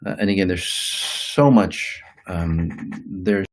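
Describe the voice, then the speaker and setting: A self-help teacher gives a rambling motivational talk to an online audience, full of fillers and restarts, acting out quoted inner voices. His voice is low and slow, and the audio is poor.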